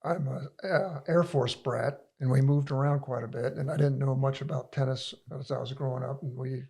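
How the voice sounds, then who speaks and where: A man's voice: medium pitch, fairly even intonation, moderate pace, gravelly, dark tone, slightly rough. An older man as a podcast guest, telling a long, rambling story in casual conversation, full of restarts and laughs.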